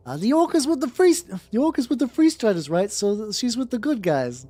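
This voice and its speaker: A streamer playing a video game, reacting aloud with swearing and reading the game's text out loud. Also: mid-range voice, sing-song, a little fast, hardly any pauses. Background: faint background music.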